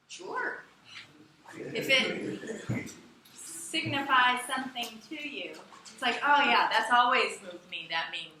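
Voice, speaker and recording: A woman teaching a class, talking in a chatty, animated way and often asking the students questions. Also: high-pitched. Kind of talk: classroom lecture. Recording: echoey classroom from far off, with background noise.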